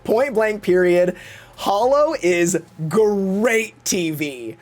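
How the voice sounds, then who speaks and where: A man talking casually on a livestream with a very animated, bouncing delivery. He gossips, swears freely and slips into exaggerated voices when acting out what other people said. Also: sits high, very slow, faint music behind. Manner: gossipy, profane, acts out quotes in exaggerated voices. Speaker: Twitch streamer.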